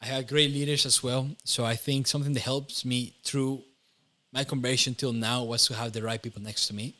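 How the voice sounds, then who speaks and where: Bright-voiced young man, Costa Rican accent. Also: mid-range voice, fairly even intonation, fairly quick. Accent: Costa Rican Spanish. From Costa Rica. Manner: earnest, laughs often, self-corrects mid-sentence. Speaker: interview guest. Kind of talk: personal testimony.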